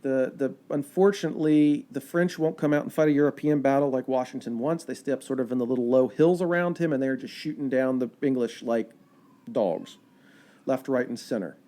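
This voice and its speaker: A man, a park ranger guest, telling history in a chatty, animated storytelling way. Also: mid-range voice, brisk. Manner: animated, chatty storyteller with fillers and quoted asides.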